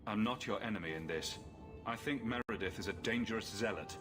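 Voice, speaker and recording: A man voicing a calm, reasonable male hero in a fantasy video game, speaking level and questioning, with game music behind. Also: fairly low pitch, fairly quick, lightly acted. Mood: measured.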